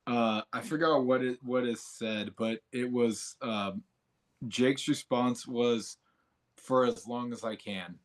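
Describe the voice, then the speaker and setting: A co-host in a casual movie discussion podcast who speaks haltingly, searching for words. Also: mid-range voice.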